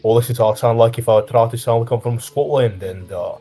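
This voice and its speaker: Easygoing South African man, mellow voice. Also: medium pitch, brisk. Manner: easygoing, laughs a lot. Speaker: stream guest. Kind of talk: casual chat on a live stream.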